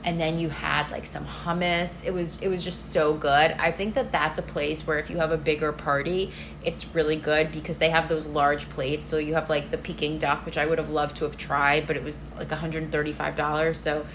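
A woman with a low voice for her sex co-hosts a podcast in lively, chatty talk. She gets excited easily and leans heavily on "like" between phrases. A faint hiss runs under the recording. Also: moderate pace. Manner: chatty and excitable, heavy use of "like". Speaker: podcast co-host. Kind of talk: casual chat.

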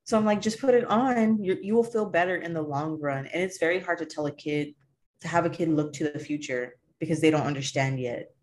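A woman's voice: sits low, fairly quick, a little mellow. A woman chatting casually on a podcast, slangy and blunt, swearing and laughing. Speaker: podcast co-host. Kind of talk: casual chat.

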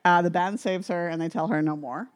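A woman co-hosting a podcast, casually recapping a movie plot with animated quotes and swearing. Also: lowish voice, a little fast, no echo. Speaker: podcast co-host.

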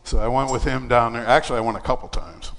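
Talking fast at medium pitch, a man preaches in a church with big-room acoustics. He shares a personal story conversationally, with fillers, performing the voices of the characters.

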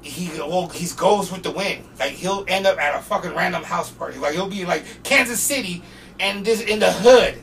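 A man from North Portland tells stories as a podcast guest, animated and profane, slipping into voices for the people he quotes. His voice sits a little high and has a gravelly, fry-laced edge. He sounds set back from the microphone, with a clear hiss of noise underneath. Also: moderate pace. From North Portland, USA. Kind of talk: casual storytelling. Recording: distant mic with steady background noise.

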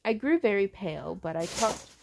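A woman hosting a show, reading a horror story aloud in a halting way, restarting on words. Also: medium pitch, very animated, creaky, darkish tone, slight background noise. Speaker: host reading books aloud.

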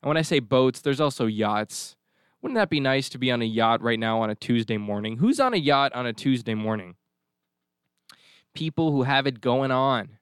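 A man's voice: mid-range voice, animated, normal speed, a bit bright, smooth, dry recording, studio quality. A man hosting a podcast, talking in a rambling, jokey, digressive way. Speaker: podcast host. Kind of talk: casual chat.

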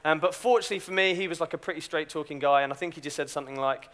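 A man's voice: a little high, rapid-fire, few pauses, a bit bright. A young man giving a chatty, self-deprecating youth talk with a story. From Britain. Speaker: youth speaker.

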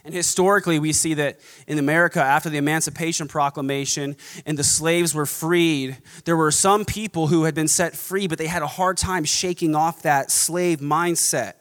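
A man's voice: a little high, fairly even intonation, moderate pace, hardly any pauses, a bit bright, clear, resonant tone. A man preaching a sermon as pastor, emphatic and rhythmic, stacking repeated contrasts. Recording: long hall reverb.

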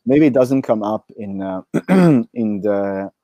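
A man with a hoarse voice speaking in a casual interview, hesitant, with many fillers and restarts. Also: lowish voice, lively intonation, takes it slowly, warm tone, dry recording.

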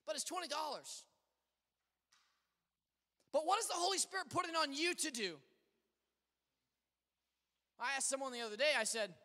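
A man preaching a sermon as pastor, telling stories with animated swings between loud exclamations and quiet asides. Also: very high-pitched, a little fast, long pauses. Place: church sanctuary. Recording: long hall reverb.

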